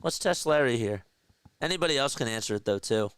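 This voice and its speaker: A man's voice: mid-range voice, expressive, a little fast, fairly bright tone, clear, resonant tone, dry recording. A man calling a game live as a play-by-play streamer, casually chatting with viewers between plays.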